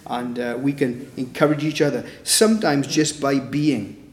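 A man's voice: medium pitch, fairly even intonation, moderate pace, reverberant. A man preaching informally at a Bible study, talking conversationally and tagging points with rhetorical questions. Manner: conversational, with frequent "isn't it?" tag questions.

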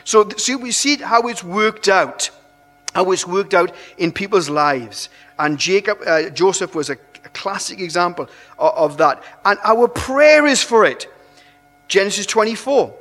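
High-voiced male preacher in a hall. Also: measured pace. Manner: animated, conversational, restarts phrases. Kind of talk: sermon. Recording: long hall reverb.

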